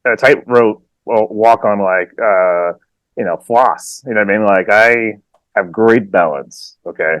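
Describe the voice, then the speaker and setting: A man with kids co-hosting a casual soccer podcast, animated and laughing often as he tells stories and slips into silly voices. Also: on the low side, a little slow, no room sound. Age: adult with children. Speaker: podcast co-host. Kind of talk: casual chat.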